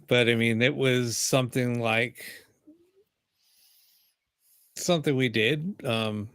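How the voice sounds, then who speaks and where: A man's voice: medium pitch, slow, pauses often, a bit bright, clean tone, no echo, studio quality. Laid-back male host in casual chat. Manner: laid-back, laughs while telling stories.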